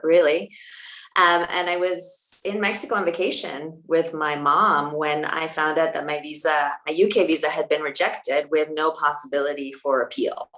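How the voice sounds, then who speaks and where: A woman with a low voice speaks as an interview guest. She answers in a calm, measured, reflective way. Her voice carries the echo of a roomy space. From New York, USA. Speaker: herbalist guest. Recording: echoey room.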